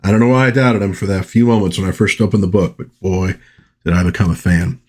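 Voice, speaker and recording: A low-pitched man talks his way casually through a comic book review. His voice has a husky grain, and he rambles in a chatty way, dropping wry little asides as he goes. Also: fairly even intonation, fast talker, a little mellow. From United States.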